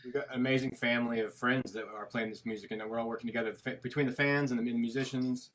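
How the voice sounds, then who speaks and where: A man's voice: medium pitch, fairly even intonation, rapid-fire, background noise. A man co-hosting a casual talk show, speaking with enthusiasm and casual swearing. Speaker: co-host. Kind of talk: casual chat.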